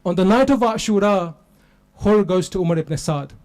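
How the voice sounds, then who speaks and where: High-voiced man preaching with passion. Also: normal speed, darkish tone. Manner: impassioned, building to a lamenting cry. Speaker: lecturer. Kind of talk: emotional religious sermon narration.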